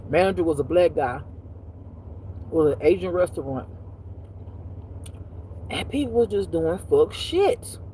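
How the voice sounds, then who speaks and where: A woman telling a personal story as a spiritual life teacher, in a blunt, profane, animated way that swings between loud and hushed. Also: on the low side, unhurried, pauses often, a little hiss or hum. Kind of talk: casual storytelling monologue.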